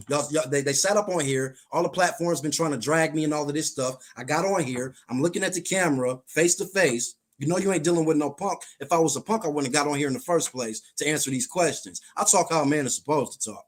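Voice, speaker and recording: A man's voice: on the high side, fast. A man guesting on a live stream, arguing bluntly and insistently, repeating his points. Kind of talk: heated live-stream debate.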